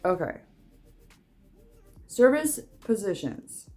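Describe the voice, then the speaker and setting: A woman's voice: medium pitch, big pitch swings, slow pace, warm tone, faint music behind. A young woman talking casually in a vlog, chatty and rambling, with frequent restarts. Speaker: vlogger.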